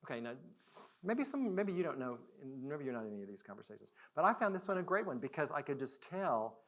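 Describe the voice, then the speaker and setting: A man speaks at a corporate summit in a mid-range voice, telling personal stories in a relaxed, conversational way. He drops to near-quiet for reflective moments, then rises loudly for emphasis. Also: mid-range voice, fast. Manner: conversational, dramatic swings between soft and loud. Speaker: conference speaker. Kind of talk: storytelling keynote talk. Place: virtual summit talk.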